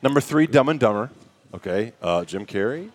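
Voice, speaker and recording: A man's voice: medium pitch, animated, normal speed. A man co-hosting a podcast, chatting casually and retelling movie scenes with laughter and animation. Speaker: podcast co-host. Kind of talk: casual chat.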